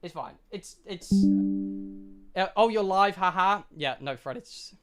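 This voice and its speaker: Streamer, young British man, high and bright voice, excitable, sweary storyteller. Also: clean tone, soft background music. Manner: excitable, swearing, dramatic pauses. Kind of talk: animated storytelling to a live chat. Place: home streaming room.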